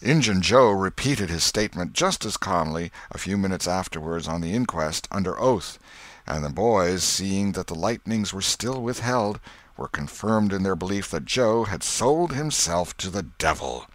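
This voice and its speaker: A man narrating a classic novel as an audiobook with an expressive, dramatic reading. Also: deep voice, moderate pace, dry recording.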